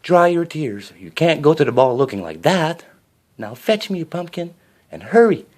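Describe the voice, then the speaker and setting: A kindly old fairy godmother, as a male storyteller puts her on, pitched well above his own low voice. She talks in a brisk, motherly way and swings her tone widely. It suits a children's storybook reading. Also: sing-song, darkish tone. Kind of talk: storybook character voice.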